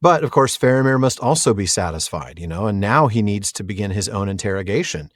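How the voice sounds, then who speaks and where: A man's voice: on the low side, expressive, a little fast, dry recording, studio quality. A man co-hosting a podcast, discussing a book with enthusiasm and easy laughter. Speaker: podcast co-host.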